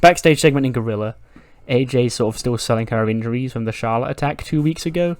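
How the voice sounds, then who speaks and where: A man recapping a simulation game in a chatty, loose way, with casual swearing thrown in. His voice sits at an average pitch for a man. The sound is dry and close. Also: fast talker, no echo. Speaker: game video creator.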